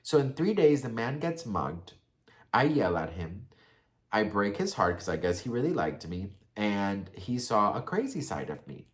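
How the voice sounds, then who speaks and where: A man's voice: fairly low pitch, very animated, unhurried. A young man telling a personal story in a casual, profane, gossipy way, full of fillers and asides to his viewers. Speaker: storytime vlogger.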